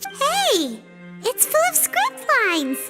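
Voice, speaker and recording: A woman voicing a small, chirpy, curious female companion creature in a game, with a squeaky childlike voice. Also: drawn-out words, over loud music, exaggerated voice. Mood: excited. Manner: excitable exclamations.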